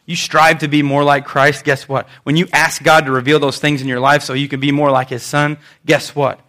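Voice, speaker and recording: A man preaches in an animated way, rising loud and dropping soft. His voice sits fairly high for a man. He plays out quotes in different voices. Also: moderate pace. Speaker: pastor. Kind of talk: sermon.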